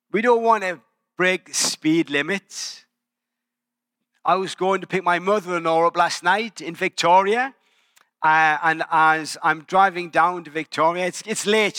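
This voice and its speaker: With a high, pushed and bright voice that rings clear and resonant, this forty-something pastor from England tells self-deprecating personal stories during a church sermon. He speaks conversationally and frequently starts over mid-thought. There's no echo, just clean studio audio.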